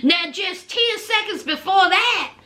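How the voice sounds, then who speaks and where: A woman's voice: very high-pitched, lively intonation, slow, bright, forceful tone. A woman chatting casually as she recaps a reality show in a sassy storytelling manner. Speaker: vlogger.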